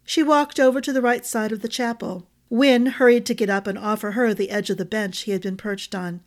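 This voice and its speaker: Woman storyteller; steady, expressive fantasy narration. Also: mid-range voice, a little fast. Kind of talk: audiobook narration.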